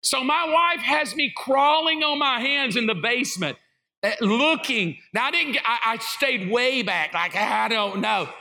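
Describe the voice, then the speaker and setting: A middle-aged male pastor telling funny stories in a sermon, animated and acting out quotes. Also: very high voice, measured pace. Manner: animated, jokey, acts out quotes. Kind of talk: comedic sermon storytelling.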